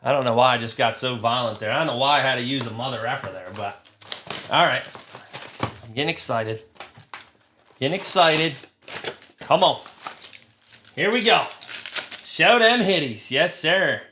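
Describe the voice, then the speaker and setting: A man hosting a live trading card break, talking crudely and getting excited, shouting over big pulls. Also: medium pitch, moderate pace, long pauses, a little hiss or hum.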